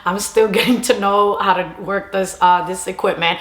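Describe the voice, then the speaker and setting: A woman's voice: mid-range voice, fairly even intonation, moderate pace, a bit bright. A young woman tells a personal story to camera in a chatty way, mixing Spanish phrases into her English. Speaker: storytime vlogger. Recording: roomy echo.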